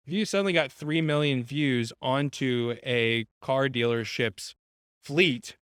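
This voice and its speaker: A male podcast host with a smooth, clear voice at a middle pitch. He talks in a relaxed way and often restarts his sentences. The sound is dry and close. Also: a little slow, no echo. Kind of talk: casual interview.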